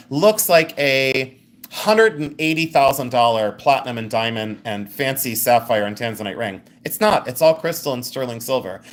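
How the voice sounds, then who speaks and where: Chatty, laughing woman selling jewelry live. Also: sits low. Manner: chatty, joking, laughs often. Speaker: live jewelry sale host. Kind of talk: live-stream sales chat.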